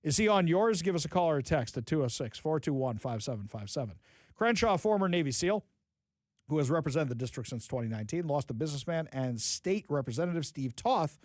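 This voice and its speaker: A man's voice: a little high, expressive, fairly quick, dry recording. A man hosting a political talk radio show, reading news items and breaking into sarcastic, mocking asides. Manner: reads news items aloud, then comments on them.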